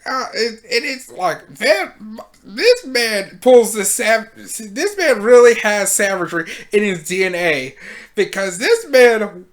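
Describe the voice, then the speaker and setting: A host giving casual video commentary in a slangy, animated way, laughing often. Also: medium pitch, takes it slowly.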